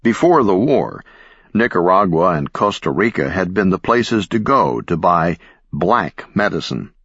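Deep, husky male audiobook narrator. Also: very animated, unhurried, a bit bright, no echo, dull audio. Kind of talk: scripted narration.

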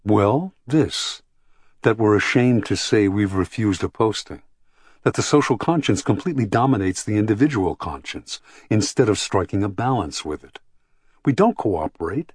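A man's voice: on the low side, expressive, normal speed, a little mellow, husky, no echo, studio quality. A man reading the part of a passionate young idealist who argues intensely about freedom in an audiobook. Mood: impassioned. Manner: impassioned, argumentative.

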